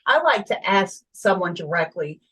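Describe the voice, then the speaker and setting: A woman's voice: fairly low pitch, sing-song, normal speed, fairly bright tone, husky, low-quality recording. A woman who works as a hypnotist, plainly describing how she guides clients in a casual podcast talk. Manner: explains her methods plainly. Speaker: hypnotist guest.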